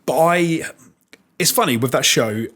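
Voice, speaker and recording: A man's voice: a little high, animated, measured pace, fairly bright tone. A British man hosting a podcast, chatting frankly and laughing often. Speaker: podcast host. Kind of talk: casual chat.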